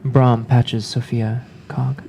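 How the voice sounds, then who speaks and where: A man voicing a mournful, pessimistic male stranger in a tabletop role-play game, who speaks slowly of the cold and of doom. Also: mid-range voice, flat delivery, gravelly, warm tone, a little hiss or hum. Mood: gloomy. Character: gloomy drifting male stranger, deeply pessimistic.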